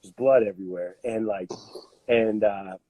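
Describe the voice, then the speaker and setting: Canadian guy in his 30s, loose animated storyteller, husky, dry close mic. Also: fairly low pitch, measured pace, no echo, highs cut off. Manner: animated, laughing, full of fillers. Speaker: podcast guest, strength coach. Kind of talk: casual storytelling.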